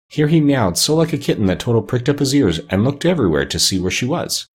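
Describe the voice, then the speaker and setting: A man narrating a storybook in an expressive, measured reading. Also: mid-range voice, breathy edge.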